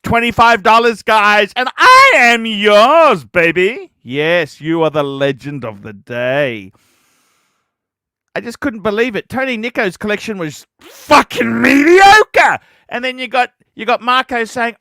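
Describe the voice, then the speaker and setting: Aussie guy on a livestream, slow and clear, swearing and yelling now and then, dry sound. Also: sits high, sing-song, no room sound. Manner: profane, ranting, bursts into shouting. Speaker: livestream host. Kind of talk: ranting livestream chat.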